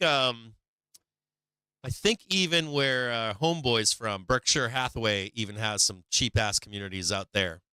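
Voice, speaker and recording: A man's voice: mid-range voice, pushed and bright, clean tone, dry recording. A man hosting a stock market live stream, ranting bluntly and profanely in a casual, preachy way with frequent laughs.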